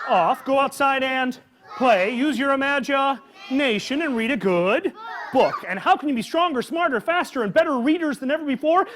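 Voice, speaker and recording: A man hosting a live children's story time, talking with animated energy and calling out questions for the kids to answer. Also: very high-pitched, slight background noise. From Midwest farm upbringing. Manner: animated, call-and-response with children. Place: public library event with a live audience.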